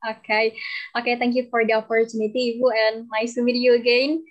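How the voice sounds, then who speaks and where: Young woman on a video call, polite and formal, high voice with a flat delivery, dull and distant audio. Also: brisk. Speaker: student participant. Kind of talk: polite reply on a webinar.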